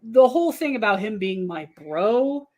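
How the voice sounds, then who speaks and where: A woman's voice: fairly high pitch, expressive, moderate pace, a little mellow. A woman from the Kansas City area chatting casually as a podcast guest, rambling and laughing often. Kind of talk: casual chat about football.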